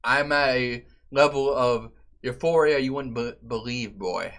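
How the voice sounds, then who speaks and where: A man streaming a game and chatting loosely with his viewers, profane and given to sudden loud outbursts. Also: mid-range voice, measured pace. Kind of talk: casual live-stream chat.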